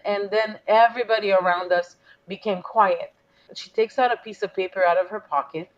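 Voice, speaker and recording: A woman's voice: medium pitch, moderate pace. Woman telling her story earnestly, lo-fi. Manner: emotional, earnest storytelling with quoted dialogue. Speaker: business coach, guest. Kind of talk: interview storytelling.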